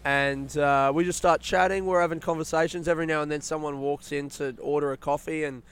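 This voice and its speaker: A young Australian man hosting a casual solo podcast outdoors, rambling through stories in a chatty, rushed way. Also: a little high, fairly even intonation, clear, resonant tone. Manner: rambling, chatty, retelling stories with quoted voices. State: yawning, a bit rushed. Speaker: podcast host. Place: outdoors in a smoking area by a housing estate.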